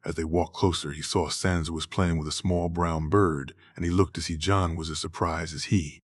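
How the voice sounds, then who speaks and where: A man narrates a fantasy story in a low, husky voice, unhurried and measured. The recording is dry and close, with no room sound. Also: steady tone, dry recording. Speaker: audiobook narrator. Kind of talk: slow, even reading of fantasy fan fiction.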